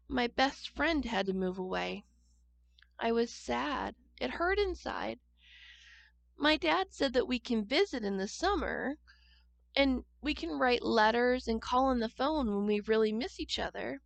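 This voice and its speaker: A woman reading a children's picture book aloud at church, gentle and expressive, pausing to ask the listening children questions. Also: on the high side, gravelly, no echo. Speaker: church storyteller.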